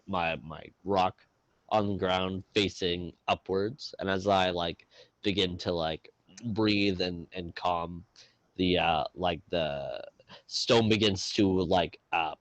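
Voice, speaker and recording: A man's voice: deep voice, steady tone, takes it slowly, dry recording. A man playing a tabletop game, describing his character's actions casually with many fillers. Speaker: player.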